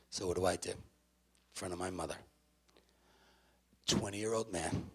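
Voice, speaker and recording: A man giving an animated storytelling talk to parents at a university event, swinging between loud bursts and hushed moments. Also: fairly low pitch, normal speed, pauses often, slightly rough. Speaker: speaker addressing parents. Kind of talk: storytelling motivational speech.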